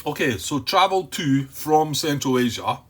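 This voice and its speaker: A man playing a board game solo, thinking aloud in a hesitant way, repeating words, questioning himself and calming himself down by name. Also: on the high side, measured pace. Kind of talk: thinking-aloud playthrough commentary.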